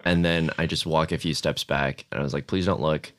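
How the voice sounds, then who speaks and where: A young man co-hosting a podcast, telling self-deprecating stories in casual chat and dropping to a hush for punchlines. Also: extremely low pitch, steady tone, brisk, no room sound, clean studio sound. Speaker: podcast co-host.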